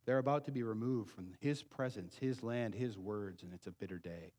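A man preaching a sermon as pastor, pleading and emphatic, swinging between loud urgent passages and quiet low asides. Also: moderate pace.

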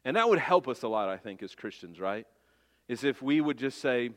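A man's voice: mid-range voice, sing-song, normal speed, long reverb tail. A man pastor preaching a sermon, earnest and emphatic, putting rhetorical questions to his congregation.

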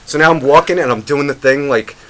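A man's voice: fairly high pitch, a little fast. A man co-hosting a podcast, telling a rambling story full of swearing. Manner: profane, rambling, animated retelling. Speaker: podcast co-host. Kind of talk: casual storytelling.

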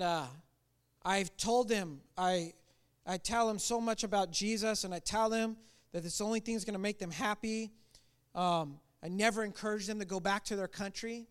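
High-voiced impassioned male preacher. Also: clean tone. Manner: impassioned, earnest, swings from loud declarations to quiet asides. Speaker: preacher and missionary. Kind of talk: testimony sermon.

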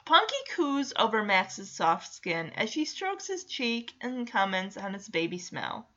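A woman's voice: mid-range voice, very animated, measured pace, sharp tone, muffled recording. A woman recapping a TV episode in casual chat, with sarcastic asides and frequent laughs. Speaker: show recapper.

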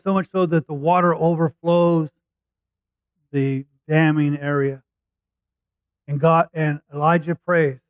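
A man preaching, his voice sitting a little high. He retells a scripture story conversationally and acts out the quotes. The sound is tinny, like a phone line, and dry. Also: no echo. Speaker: pastor. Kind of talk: sermon storytelling.

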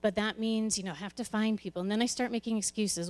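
A woman's voice: a little high, brisk, few pauses, darkish tone. Candid woman sharing a church testimony. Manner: candid, conversational, with frequent restarts. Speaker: children's ministry leader. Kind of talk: personal testimony to a congregation.

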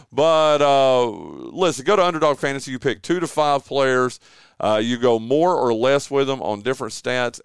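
A man with a lowish, clear, resonant voice is recorded dry and clean on a close studio mic. He hosts a local sports radio show, chatting loosely and rambling through sponsor reads packed with fillers.

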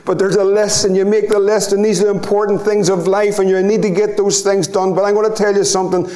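A middle-aged man with a Northern Irish accent preaches a sermon from the pulpit. His voice sits notably high, and his delivery rises into impassioned, repeated appeals before dropping back to a gentle, slow emphasis. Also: little pitch movement. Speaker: pastor.

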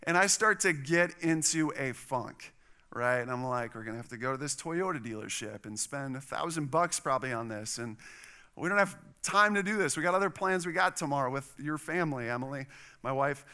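A pastor in middle age speaks a little fast in a smooth, mid-range voice. During his sermon he tells an animated personal story, acting out what the people in it said.

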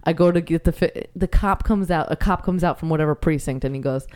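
A woman's voice: deep voice, brisk, darkish tone, clear, resonant tone. A woman in casual podcast chat, telling stories animatedly, often laughing and acting out the people she quotes.

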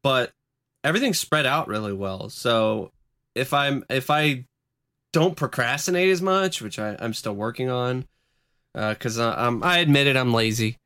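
A young college student co-hosting a podcast, rambling and hesitant, often correcting himself. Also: male voice, mid-range voice, lively intonation, normal speed, sharp tone, clean tone. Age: young adult. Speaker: podcast co-host. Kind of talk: casual chat.

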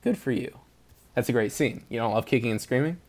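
A man's voice: medium pitch, brisk, darkish tone. A young man hosting a podcast, chatting casually, rambling through jokes and laughing often. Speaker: podcast host. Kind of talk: casual chat.

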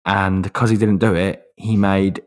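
A man's voice: low-pitched, fairly even intonation, a little slow. A man in a casual football chat, blunt and telling stories. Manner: blunt, tells anecdotes. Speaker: podcast co-host.

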